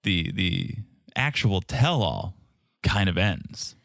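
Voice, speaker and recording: A man with a somewhat low voice talks through a reality show recap in a relaxed podcast chat. He animates his retelling by mimicking what people said. The sound is dry and close to the mic. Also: slow, creaky, no room sound. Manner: animated, acts out cast members' lines in quotes. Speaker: podcast co-host.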